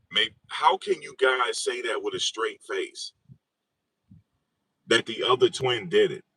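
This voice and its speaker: A man with a deep voice talks straight to his audience in a casual commentary vlog. His voice is husky and dry, with no room sound around it, and he keeps repeating his own phrases in disbelief. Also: pushed and bright, no room sound. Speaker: online commentator.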